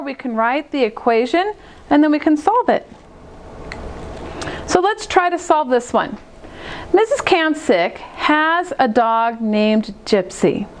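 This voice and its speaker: A woman teacher with a high, light voice walks young children through a math lesson. She explains each step slowly and clearly, the way she would in a classroom. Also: slight background noise. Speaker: second grade teacher. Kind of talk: recorded math lesson for kids.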